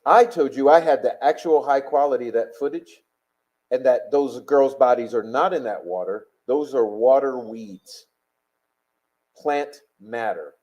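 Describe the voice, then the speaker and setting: A man's voice: mid-range voice, unhurried, darkish tone, dull audio. A man hosting a live stream, reading chat and talking bluntly, combative and profane.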